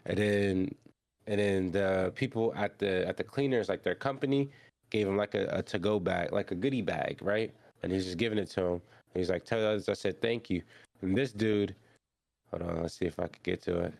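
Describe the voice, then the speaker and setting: A young man hosting an anime podcast, recapping an episode in animated, slangy storytelling full of fillers and restarts. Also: low-pitched, normal speed, vocal fry, dry recording.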